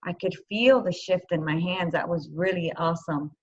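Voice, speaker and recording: A woman's voice: fairly low pitch, moderate pace, slight background noise. A woman interview host chatting casually, effusive and exclaiming. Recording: dull lo-fi audio.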